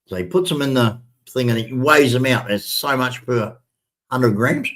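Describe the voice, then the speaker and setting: A man's voice: medium pitch, moderate pace. An older man, telling a rambling story straight to his viewers in a chatty, repetitive way. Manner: chatty, repetitive, addresses viewers as ladies and gentlemen. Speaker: vlogger. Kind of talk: casual storytelling to camera.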